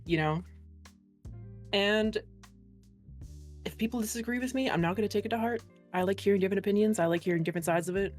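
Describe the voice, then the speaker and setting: A chatty woman streamer answering interview questions, her talk full of fillers and easy laughter. Her voice sits at a middle pitch, with faint music underneath. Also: quick pace, long pauses. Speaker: guest streamer. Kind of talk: casual interview chat.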